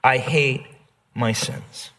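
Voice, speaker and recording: A male pastor preaching a sermon, earnest and repetitive, dropping soft and then rising emphatic. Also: mid-range voice, fairly even intonation, very slow, gravelly, long reverb tail.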